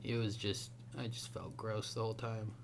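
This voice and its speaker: A man's voice: fairly low pitch, flat delivery, normal speed, creaky, a little hiss or hum. A young man co-hosting a podcast in casual chat, telling a rambling story full of "like" and fillers. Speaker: podcast co-host.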